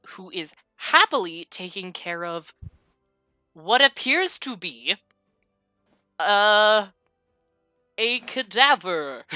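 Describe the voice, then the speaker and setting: A woman's voice: on the low side, bright, forceful tone, dry recording. A woman narrating as game master, rambling and laughing at herself while chatting with viewers. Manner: rambling, laughing, self-mocking asides.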